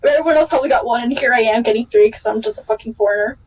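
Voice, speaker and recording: High-voiced excitable woman podcast host. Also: rapid-fire, slight background noise, poor audio. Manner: excitable storyteller, acts out quotes with big pitch jumps. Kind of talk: casual podcast chat.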